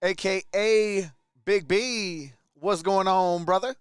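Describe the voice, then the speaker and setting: A man hosting a casual live stream with a hoarse, worn-out voice, who greets viewers one by one and laughs often. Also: sits high, slow, no room sound, clean studio sound. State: hoarse, voice nearly gone. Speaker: livestream host.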